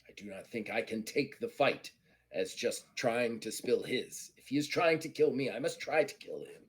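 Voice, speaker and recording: A man's voice: mid-range voice, lively intonation, normal speed, breathy edge. A man voicing a proud, conflicted Klingon woman officer who speaks formally without contractions, in a tabletop role-play. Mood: grim.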